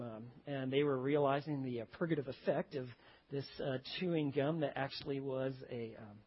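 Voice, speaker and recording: A man preaching a sermon as a pastor, telling stories and rising to sudden loud emphasis. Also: a little high, breathy edge, dull audio.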